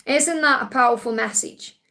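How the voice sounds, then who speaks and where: A woman's voice: high voice, moderate pace, bright, forceful tone. A woman hosting a live Q&A stream, doing tarot readings in a soothing, reassuring way and repeating her key phrases.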